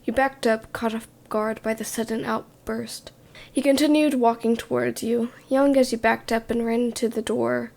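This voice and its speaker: A woman narrating a second-person story in a whispered role-play, in a hushed voice. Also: a little high, steady tone, normal speed, gravelly, hardly any pauses.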